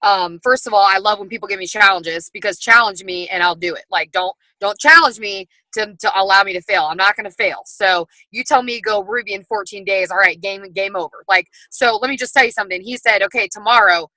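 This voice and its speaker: Effusive woman with a bright, crisp voice. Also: medium pitch, brisk, few pauses, dry recording, poor audio. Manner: effusive, excitable, shouts when reenacting stories. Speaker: guest speaker. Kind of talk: motivational video call talk.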